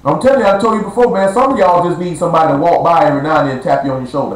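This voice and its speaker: A high-pitched man preaches in a blunt, slang-heavy street style, drawing out words to hammer a point home. His voice bounces around an echoey room on a live stream. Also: racing.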